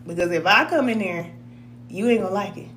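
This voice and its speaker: A woman's voice: mid-range voice, a little fast, a bit bright, echoey room, a little hiss or hum. A woman, chatting casually on a live stream, laughing often and reading viewer comments aloud. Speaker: spiritual advisor reading cards for a live chat.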